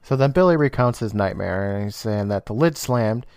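A man co-hosting a podcast, casually retelling a TV episode with laughter and quick quoted lines. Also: lowish voice, expressive, darkish tone, smooth, no room sound, studio quality. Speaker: podcast co-host. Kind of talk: casual recap chat.

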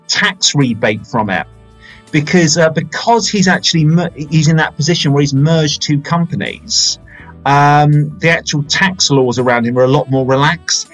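A man in his forties rambles through film news in loose, self-mocking podcast chat. His voice sits a little high for a man. Faint music plays underneath. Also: rough recording. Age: 40s. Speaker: podcast host.

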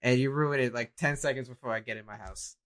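A young adult man co-hosting a casual chat, an animated storyteller who acts out what people said. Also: medium pitch, quick pace. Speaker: co-host.

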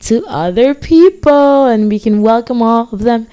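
Mellow, affectionate woman podcast host. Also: on the high side, lively intonation, a little slow, smooth. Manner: affectionate, easygoing, laughs often. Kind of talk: casual podcast chat.

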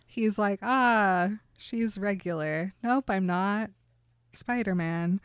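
A woman's voice: medium pitch, animated, extremely slow, clear, resonant tone, no echo, clean studio sound. A woman chatting casually, retelling scenes in quoted dialogue and laughing often. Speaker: podcast co-host recapping a book. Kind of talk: casual chat.

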